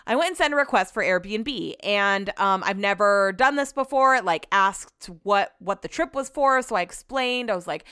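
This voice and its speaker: A woman with a smooth, clear mid-range voice, telling stories in loose casual chat. She swears freely and slips into acting out her own lines. The sound is dry and close. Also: mid-range voice, lively intonation, normal speed, few pauses, sharp tone, no room sound. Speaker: host.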